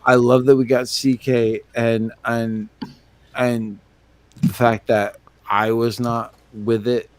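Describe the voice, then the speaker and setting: A man's voice: medium pitch, level tone, takes it slowly, smooth, dry recording. A tipsy man co-hosting a late-night livestream, rambling and stammering, often cursing at himself. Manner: rambling, stammering, self-deprecating, swears. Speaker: podcast co-host.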